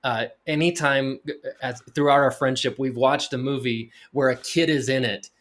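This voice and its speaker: A man's voice: mid-range voice, fairly even intonation, moderate pace, fairly bright tone. A middle-aged man co-hosting a movie review podcast, retelling scenes with energy and acting out the lines. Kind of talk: casual film discussion.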